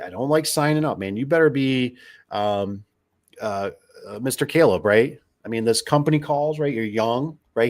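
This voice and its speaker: A middle-aged man telling stories in a casual, rambling monologue, repeating himself and getting fired up. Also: medium pitch. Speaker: podcast host.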